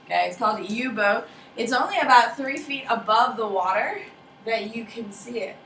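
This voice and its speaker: Lively teacher woman, echoey classroom. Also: fairly high pitch, normal speed, slight background noise. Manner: lively, casual, jokey, quizzes students by name. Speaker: history teacher. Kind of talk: classroom lecture. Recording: echoey classroom from far off with faint ambience.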